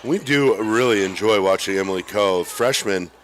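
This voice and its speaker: A man calling a high school volleyball match as play-by-play announcer, chatty and quick to exclaim. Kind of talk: live volleyball commentary.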